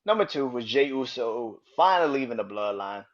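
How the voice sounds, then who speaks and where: A man hosting his own podcast, ranting angrily and swearing, jumping from loud outbursts to low mutters. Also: animated, fairly quick. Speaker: podcast host. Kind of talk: casual solo podcast rant. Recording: dull lo-fi sound.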